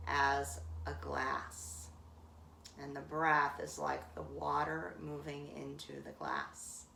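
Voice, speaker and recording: A woman leading a guided breathing meditation in calm, drawn-out phrases with long pauses. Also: low-pitched, creaky, a little hiss or hum. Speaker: meditation teacher. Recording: roomy echo from a distant mic.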